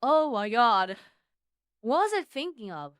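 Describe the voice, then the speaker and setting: A woman's voice: on the high side, big pitch swings, a little slow, fairly bright tone, clean tone, dry recording. A woman guest on a casual stream, chatting in an easygoing, giggly way.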